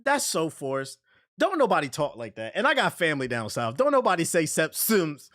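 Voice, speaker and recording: A man's voice: a little high, huge pitch swings, fairly quick, pushed and bright, no echo, clean studio sound. A man streaming his reactions to music, blunt and incredulous, swearing freely as he talks. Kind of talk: casual reaction commentary.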